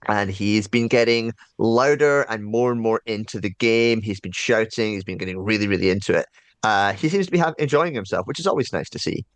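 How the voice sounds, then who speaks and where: Low-voiced man running a horror game. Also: brisk, no echo. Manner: lively storyteller, many fillers. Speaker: game master. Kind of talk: narrating a tabletop horror game.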